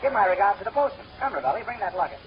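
An actor playing a fast-talking male con man who fires off deadpan puns and wisecracks, in 1930s radio comedy. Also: high-pitched, lo-fi sound. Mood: wisecracking. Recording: scratchy, hissy 1930s radio recording.

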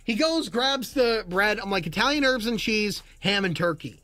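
A young man livestreaming, telling a story in animated chat and acting out both sides with bursts of disbelief. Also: high-pitched, normal speed. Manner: acts out both sides of a story, rising to near-shouts in disbelief.

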